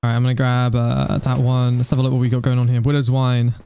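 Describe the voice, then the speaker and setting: A young man streaming a game, chatting casually and thanking donors, getting excited at times. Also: mid-range voice, fast talker, clean tone. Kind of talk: casual live-stream chat.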